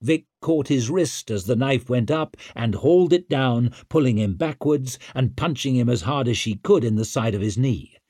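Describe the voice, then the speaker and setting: Husky guy reading a novel aloud, measured and tense, dry close mic. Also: medium pitch, lively intonation, a little mellow, no echo. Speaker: narrator. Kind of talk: scripted audiobook narration.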